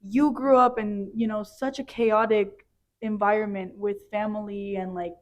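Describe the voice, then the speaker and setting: A woman's voice: medium pitch, steady tone, a little slow, highs cut off. A young woman hosting a podcast, talking in an earnest, chatty way with lots of filler words. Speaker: podcast host. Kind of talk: casual chat.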